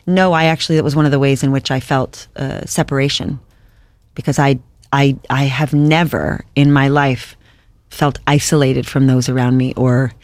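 A woman's voice: a bass voice, darkish tone, no room sound. A middle-aged woman actor being interviewed, talking candidly and reflectively, laughing easily. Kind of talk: relaxed interview conversation.

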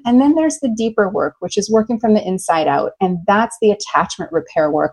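A woman guest, a love coach, telling stories in an interview in an enthusiastic, loud and lively way with frequent laughter. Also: lowish voice. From United States. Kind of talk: candid interview storytelling.

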